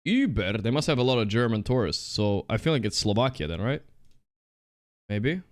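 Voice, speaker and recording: A man streaming a geography guessing game, thinking out loud, excitable and trash-talking his opponent. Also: mid-range voice, moderate pace. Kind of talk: casual live-stream commentary while playing.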